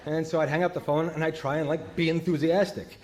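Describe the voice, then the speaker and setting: An older man telling his recovery story at a meeting, halting and full of fillers. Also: fairly high pitch, fairly even intonation, darkish tone. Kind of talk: personal recovery talk.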